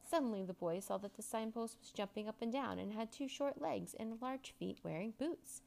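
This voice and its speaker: A woman narrating a children's story aloud in an expressive storytelling manner. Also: on the high side, normal speed, creaky.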